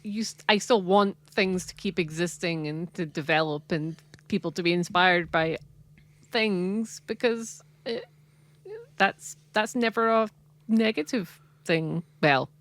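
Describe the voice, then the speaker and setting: A woman's voice: on the low side, a little slow, no echo. A woman co-hosting a podcast, chatting casually and laughing often, with many restarts. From Britain. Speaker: podcast co-host. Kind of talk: casual chat.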